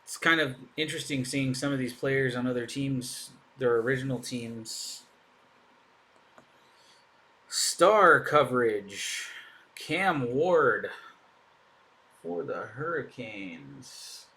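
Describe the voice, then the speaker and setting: A man's voice: mid-range voice, expressive, slow, long pauses, sharp tone, a little hiss or hum. A man hosting a live card break, chatting in an upbeat way as he opens packs and thinks aloud. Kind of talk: casual live commentary while opening packs.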